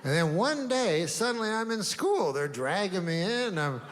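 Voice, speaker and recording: An older man doing a deadpan stand-up set, rambling through long setups with drawn-out pauses and sudden asides. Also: high-pitched, long reverb tail. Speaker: stand-up comedian.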